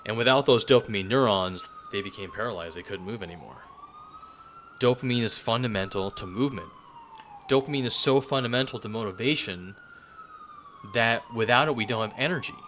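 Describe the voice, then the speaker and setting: A man's voice: mid-range voice, fairly quick, fairly bright tone, a little hiss or hum. A man giving a casual spoken lecture, talking loosely with plenty of fillers and restarts.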